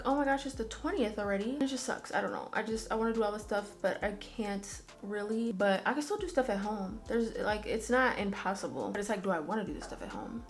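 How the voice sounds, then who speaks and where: A young woman talking casually and candidly while doing her hair at home, rambling with slangy asides. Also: fairly high pitch. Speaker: beauty vlogger. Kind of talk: casual chatty vlog.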